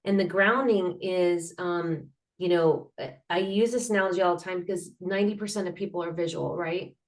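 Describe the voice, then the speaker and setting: A woman's voice: lowish voice, normal speed. A woman guest speaking about healing in a casual interview, earnest and rambling, with frequent fillers and restarts, acting out sounds and laughter as she explains. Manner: animated, acts out sounds and laughter. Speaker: guest, mental health advocate.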